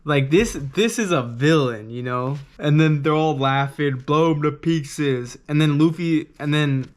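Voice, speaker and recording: An excitable man rambles through a casual manga review, swearing freely and leaning on filler words. His voice sits a little high for a man. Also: a little slow.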